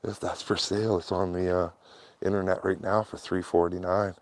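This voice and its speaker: A man with a very low, deep voice rambles casually to his viewers as he walks outdoors along a quiet street. He talks in a loose, chatty way and sounds warm and a little sweaty from walking. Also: level tone, normal speed. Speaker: vlogger. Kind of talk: casual chat while walking.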